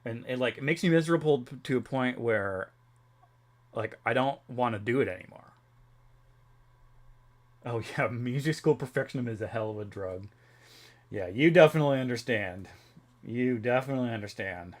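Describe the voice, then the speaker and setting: A man's voice: medium pitch, moderate pace, pauses often. A young man chatting casually on a live stream, rambling with many fillers and restarts and laughing often. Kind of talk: casual chat.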